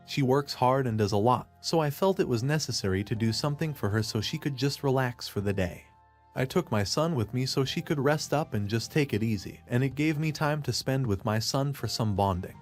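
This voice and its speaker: A man's voice: medium pitch, a little mellow. Man narrating a first-person story.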